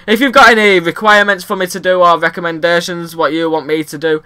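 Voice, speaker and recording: A young man giving rambling, excitable commentary over his own gameplay and shouting at the game. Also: high voice, fast, few pauses, clean tone. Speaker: gaming video host.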